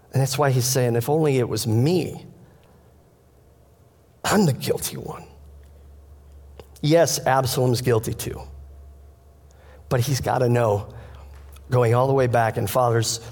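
A male pastor delivers a sermon at an ordinary middle pitch. He tells the scripture story earnestly and speaks straight to the congregation. His voice rings out with the long reverb of a church sanctuary. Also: darkish tone.

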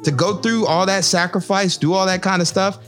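A former Marine officer speaking in an impassioned discussion, emphatic, with a lively swinging pitch and frequent checks of "right?" and "you know?". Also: male voice, fairly quick, faint music behind.

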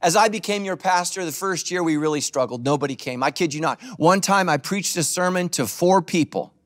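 A middle-aged male pastor preaching a sermon with animated, humorous storytelling. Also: fairly high pitch, brisk.

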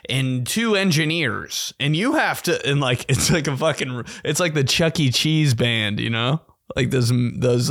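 A man's voice: medium pitch, fairly bright tone, dry recording, studio quality. A young man hosting a podcast, telling a story in a casual, profane, slangy way and laughing often. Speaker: podcast host.

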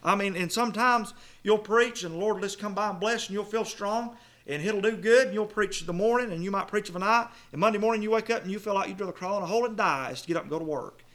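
A middle-aged man preaching a sermon, swinging from loud emphatic phrases to low murmurs and reading scripture slowly. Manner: reads scripture in King James wording with slow stressed phrases.

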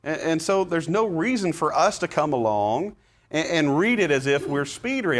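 A man's voice: on the high side, moderate pace. A man teaching a Bible study class, explaining passages casually and reading scripture aloud with feeling. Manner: conversational, dramatizes scripture readings with rising intensity; frequent fillers and restarts, relaxed explaining. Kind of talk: classroom lesson.

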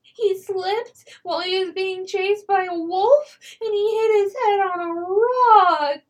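A woman putting on a high, whiny lost-child voice. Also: takes it slowly, distant mic. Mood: pleading, fake scared. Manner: whiny, pleading, breathless run-on sentences. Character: grown woman posing as a scared lost child.

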